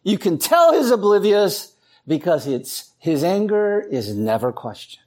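A man's high-sitting voice moves a little slowly as this pastor preaches, animatedly telling stories and performing voices for the people in them.

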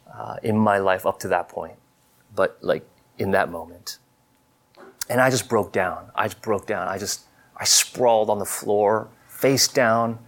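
A man in his thirties telling a personal testimony in a sermon, earnest and confessional, halting with many fillers and restarts. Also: lowish voice. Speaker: preacher.

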